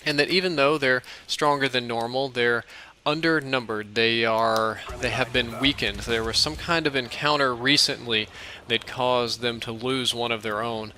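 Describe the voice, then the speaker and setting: A man's voice: mid-range voice, steady tone, moderate pace, pushed and bright, slight background noise. A man casually telling a long dream story, rambling with fillers and restarts. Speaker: gaming channel host.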